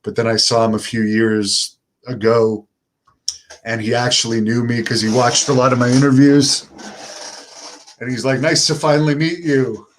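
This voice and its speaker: A middle-aged man from Canada chatting on his own live stream. He answers viewer questions in a relaxed, unhurried way, with a flat, unenthusiastic delivery, and he talks at a mid pitch typical for a man. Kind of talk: casual live-stream chat.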